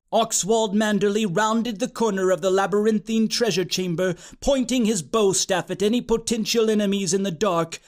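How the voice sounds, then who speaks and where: A man narrating a comic fantasy storybook in a deadpan, quick way. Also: high voice.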